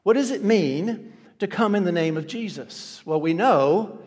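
A male pastor delivers a sermon, pressing his points through repetition and sudden shifts between loud and hushed lines. His voice sits fairly high for a man. The sound carries the long reverb of a big church hall. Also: expressive, unhurried. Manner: emphatic, repeats key phrases, swings loud and soft.

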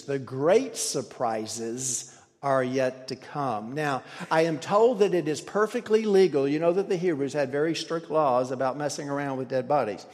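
A man's voice: medium pitch, moderate pace, darkish tone. A man preaching a sermon, explaining a passage with frequent restarts and stumbles. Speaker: pastor. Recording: long hall reverb.

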